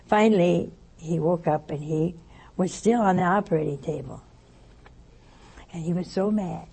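A woman giving a spiritual talk, telling a story in a lively way and acting out the voices she quotes. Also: fairly low pitch, vocal fry, breathy edge, rough recording. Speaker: religious teacher.

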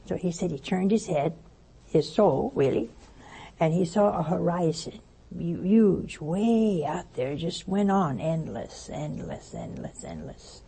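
Woman, spiritual teaching, animated storyteller, mellow tone, raspy and creaky. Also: fairly low pitch, a little slow, poor audio. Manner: lively storytelling, acting out quoted voices. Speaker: religious teacher.

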